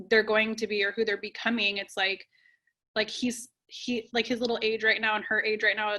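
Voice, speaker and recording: A woman in her thirties talks openly and warmly about parenting on a casual podcast, full of "like"s and rambling asides. Her voice is bright and clear, at a middle pitch. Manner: chatty, heartfelt, heavy use of "like". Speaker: podcast guest or host, parent.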